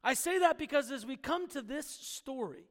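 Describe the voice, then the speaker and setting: High-voiced man preaching in a reverberant hall. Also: normal speed. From Pennsylvania. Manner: storytelling, lively, asks the congregation for agreement. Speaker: pastor. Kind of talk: sermon with opening prayer and story. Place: church sanctuary.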